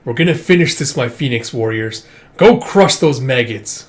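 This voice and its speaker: A man reading the lines of an arrogant, ruthless male emperor in a commanding, sometimes slow and menacing way. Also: medium pitch, expressive, close to an everyday voice. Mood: imperious.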